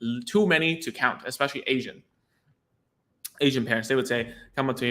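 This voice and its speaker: A man's voice: medium pitch, brisk, long pauses, pushed and bright. A man, a speech therapist, explaining in a chatty, informal way, often restarting and repeating words. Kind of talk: casual teaching talk to camera.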